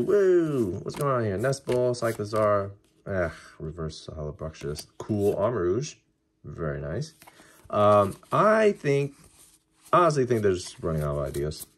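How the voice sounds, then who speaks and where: A man casually talking through a card-opening video, chatty and excitable as he reacts to each pull. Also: on the low side, slight background noise.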